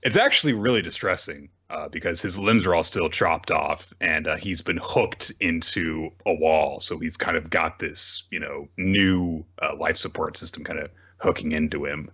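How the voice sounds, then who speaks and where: A man's voice: very deep voice, normal speed, few pauses, bright, forceful tone, slightly rough. A man hosting a casual podcast, chatting about manga in a rambling, playful way with lots of fillers. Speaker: podcast host. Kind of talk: casual chat recapping manga.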